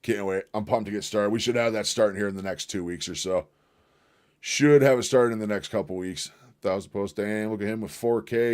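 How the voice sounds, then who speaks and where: A man chatting on his own livestream in a loose, rambling way. He swears freely and gets excited as he reacts to videos. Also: fairly low pitch, fast. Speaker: livestream host. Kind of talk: casual livestream chat.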